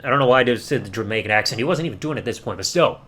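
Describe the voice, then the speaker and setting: A man's voice: mid-range voice, expressive, rapid-fire, a bit bright. A man hosting a podcast, reviewing a show in a casual, ranting way and mocking people with silly voices. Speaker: podcast host.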